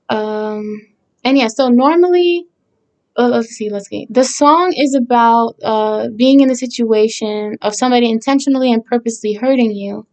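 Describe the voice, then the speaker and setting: Her voice a little high and a little mellow, a songwriter reflects earnestly on her own song in a casual way. She's hesitant, restarting often and filling gaps while she looks for words, and lets out short laughs.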